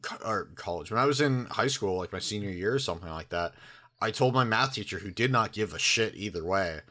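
Wry man with a low, bright voice. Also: expressive, a little fast. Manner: dry, wry remarks. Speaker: podcast co-host. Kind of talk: casual chat.

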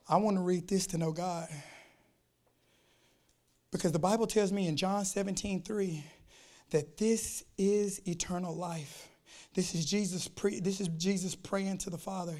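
A man preaching a sermon, repeating phrases for emphasis and reading scripture slowly, swinging between shouted fervor and quiet intensity. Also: sits high, steady tone. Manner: quotes scripture slowly and deliberately.

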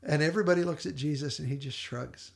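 A man with a gravelly edge to a fairly high voice, co-hosting a podcast. He retells a TV episode with lively energy, slipping into short quoted character voices. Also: fast. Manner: animated storyteller, quotes characters in brief voices, laughs often. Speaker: podcast co-host.

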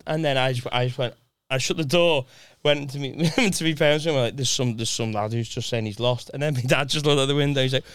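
A man in casual chat, telling a story with lively acted-out voices and plenty of swearing. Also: mid-range voice, fairly quick, clean tone, dry recording, clean studio sound.

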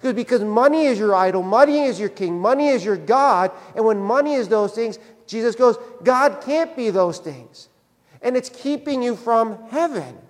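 Barely pausing, a male pastor with a very high, lively voice preaches at normal speed in a church sanctuary with a big-room sound. He keeps it conversational, punctuating point after point with "right?".

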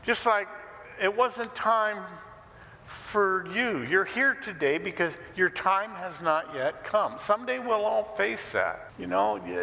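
A pastor preaching a sermon in an animated, conversational way with joking asides. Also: male voice, fairly high pitch, long reverb tail. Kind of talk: expressive sermon teaching.

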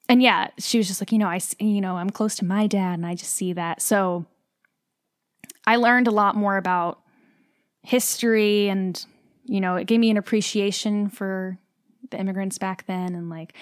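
A woman's voice: mid-range voice, no room sound, studio quality. A young woman, a stage actor, chatting in an interview, talking freely with lots of "like" and getting emotional. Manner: chatty, heavy use of "like", emotional. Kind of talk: casual interview chat.

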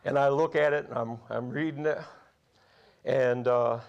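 Gravelly folksy male preacher. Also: medium pitch, fairly even intonation, a little slow, highs cut off. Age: 40s or older. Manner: folksy storytelling, laughs at own stories. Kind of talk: sermon with personal stories.

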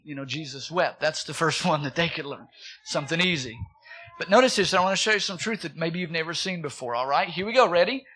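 A man's voice: on the high side, sharp tone. A man in his thirties preaching a sermon, asking the congregation questions and repeating words for emphasis. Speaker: pastor.

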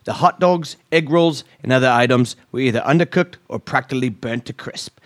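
Man playing a prissy, offended lady customer, vaguely British-Australian accent, pitched up. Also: lively intonation, normal speed, close to an everyday voice. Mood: prim. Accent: mock British-Australian, put on. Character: prim miffed female customer reviewer.

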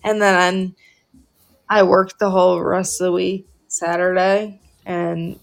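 A woman's voice: fairly low pitch, level tone, slow pace, gravelly. A woman recovering from the flu, chatting casually and telling a story full of fillers. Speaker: guest. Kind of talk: casual chat.

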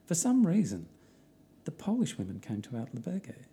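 A man's voice: fairly high pitch, huge pitch swings, moderate pace, dark tone. Easygoing Australian man narrating. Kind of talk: travel diary narration.

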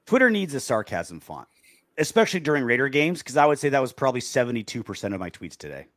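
Sarcastic, lively male sports co-host. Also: mid-range voice, fast talker, no echo, clean studio sound. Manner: sarcastic, animated, reads listener comments. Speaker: podcast co-host. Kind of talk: casual sports chat.

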